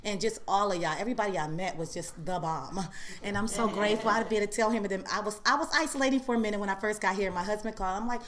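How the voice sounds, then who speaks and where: A woman sharing her story at a recovery meeting, laughing often and telling it with animated energy. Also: mid-range voice, quick pace. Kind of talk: personal sharing.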